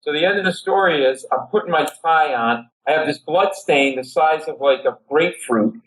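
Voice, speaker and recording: Animated man from Rhode Island telling stories. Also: normal speed, rough recording. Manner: animated, acts out quoted people with big jumps in pitch. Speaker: guest comedy writer. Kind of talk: comic storytelling.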